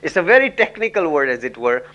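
Middle-aged lecturer from India, somewhat high-voiced, chatty storyteller. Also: male voice, very animated, fast talker, pushed and bright, dull audio. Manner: chatty, frequent "you know", laughs at own stories. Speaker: communication trainer and lecturer. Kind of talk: lecture with anecdotes.

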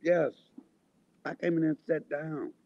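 A man in a heated, profane vlog rant, insulting people, swinging between loud outbursts and quiet asides, with a husky voice. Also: a little high, fairly even intonation, measured pace, no room sound, highs cut off. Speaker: vlogger. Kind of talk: angry profane rant to camera.

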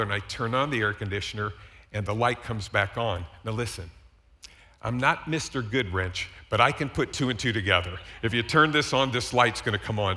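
A man preaching a sermon as a pastor, telling a personal story in a conversational, animated way with asides to the congregation. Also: medium pitch. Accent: Midwestern American. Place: church sanctuary.

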